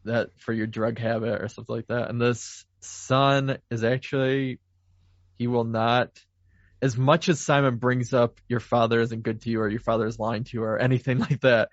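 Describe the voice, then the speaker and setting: A man co-hosting a podcast who recaps a film plot at a steady pace, with fillers. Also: medium pitch, moderate pace, gravelly, no room sound. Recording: dry, dull lo-fi remote audio.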